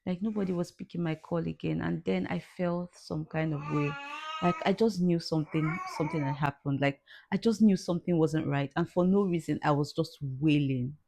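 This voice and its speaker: Low-voiced, tearful woman. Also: vocal fry, mellow. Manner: tearful, halting, repeats herself. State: crying at times. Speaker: vlogger. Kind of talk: emotional personal vlog.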